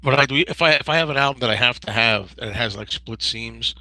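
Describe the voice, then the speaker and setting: A man in his fifties hosting a casual livestream Q&A, rambling and digressive with many restarts and a gravelly, husky voice. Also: mid-range voice, quick pace, sharp tone, no echo, poor audio. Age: 50s. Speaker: host.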